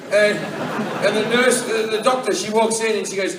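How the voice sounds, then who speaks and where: A man doing stand-up, telling a profane story with animated delivery and acting out other people's voices. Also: high voice, brisk, background noise. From Australia. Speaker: stand-up comedian. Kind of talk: stand-up comedy set. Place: large comedy venue with a live audience. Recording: echoey hall, voice from far off, loud ambience.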